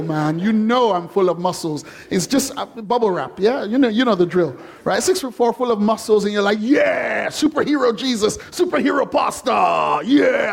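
A man with a high voice preaching in a church. He is animated and full of jokes, and slips into playful voices to act out the people in his story. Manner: animated and jokey, acting out quoted voices. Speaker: pastor. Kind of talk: sermon.

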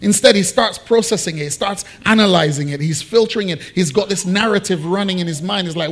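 A man preaching a sermon, switching into playful voices to act out Bible figures. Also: high-pitched. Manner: animated, acts out biblical figures in quick asides. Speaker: pastor.

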